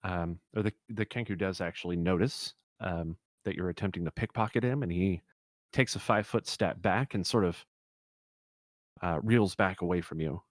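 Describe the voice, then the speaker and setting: A man's voice: deep voice, moderate pace, dry recording, studio quality. A man narrating a tabletop game as game master, hesitant with many fillers. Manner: hesitant, lots of uh and um.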